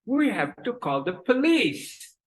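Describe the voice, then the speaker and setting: A woman's voice: fairly high pitch, very animated, slow, husky, pitched above the performer's own voice, full character voice. Woman doing a fretting storybook mother. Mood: worried. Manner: urgent, fretting. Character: anxious mother in a children's story.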